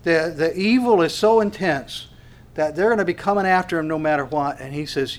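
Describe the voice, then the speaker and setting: Male pastor, sermon delivery, earnest and emphatic, slightly high voice, repeats and restarts phrases. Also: brisk. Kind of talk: expository sermon.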